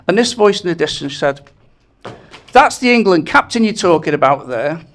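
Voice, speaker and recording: A man's voice: sits high, expressive, moderate pace, fairly bright tone. A man giving a wedding speech, telling anecdotes and chuckling at his own jokes. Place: wedding reception.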